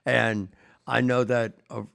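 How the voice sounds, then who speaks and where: A man's voice: medium pitch, level tone, slow, creaky, fairly bright tone. A man in casual talk-show chat, chiming in with eager agreement. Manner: frequent eager affirmations.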